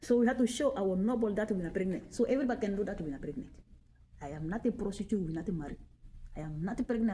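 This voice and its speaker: Warm-voiced woman in her forties. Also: medium pitch, slight background noise. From Mali. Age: 40s. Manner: emphatic, repeats points, often checks in with "okay?". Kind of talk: casual personal talk to camera.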